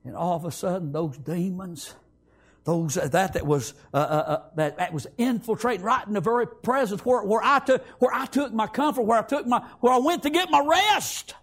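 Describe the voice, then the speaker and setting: High, raspy preacher man. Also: normal speed. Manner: fervent, swings from shouting to hushed, repeats phrases. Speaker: preacher giving testimony. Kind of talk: sermon testimony.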